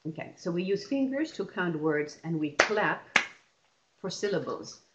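A woman's voice: lowish voice, lively intonation, a little slow, muffled recording, heavy background noise. A woman presenting an online teacher-training session, explaining classroom methods step by step and often restarting her phrases.

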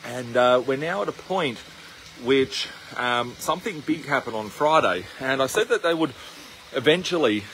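A man's voice: medium pitch, lively intonation, moderate pace, fairly bright tone, slight background noise, poor audio. Rambling Australian man vlogging outdoors. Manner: rambling, with many fillers and restarts. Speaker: investment channel host. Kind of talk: casual to-camera vlog. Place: outdoors on his farm, walking.

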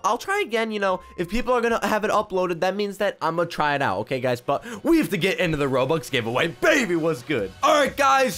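Brief: young male YouTuber with a head cold, high-pitched and amped, peppers everything with "bro", faint game music underneath. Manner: energetic, slangy, keeps saying "bro" and "guys". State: has a cold. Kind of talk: hyped gameplay commentary.

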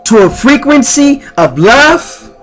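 A man leading guided spiritual affirmations in slow, repetitive, chant-like phrases. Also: extremely high pitch, very animated, a bit bright, soft background music. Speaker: spiritual speaker.

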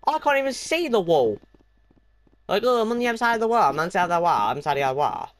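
A man's voice: high voice, very animated, quick pace. A young male gaming host commentating a horror game with friends, jumpy, laughing and yelping at scares. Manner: jumpy, yelps and screams, laughs a lot.

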